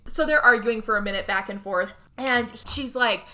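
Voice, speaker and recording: A woman retells a film scene by scene in casual podcast chat. Her voice is slightly high and very bright. She slips into the characters' lines as she goes and breaks into laughter often. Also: moderate pace. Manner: animated storyteller, acts out quotes, laughs often. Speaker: podcast co-host. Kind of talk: casual movie recap chat.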